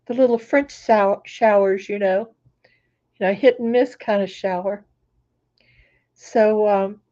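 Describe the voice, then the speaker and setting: Chatty hoarse woman, high and slow, mellow tone, live on a laptop. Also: lo-fi sound. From Florida. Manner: chatty, greets viewers by name. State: hoarse, recovering voice. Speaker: crafting channel host. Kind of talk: casual livestream chat. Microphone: laptop microphone.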